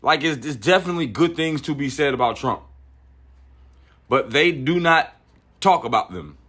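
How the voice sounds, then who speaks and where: A man's voice: a little high, expressive, normal speed, a bit bright, husky. A man hosting a podcast, giving opinionated political commentary in a profane, ranting way, often stumbling and repeating words. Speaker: podcast host.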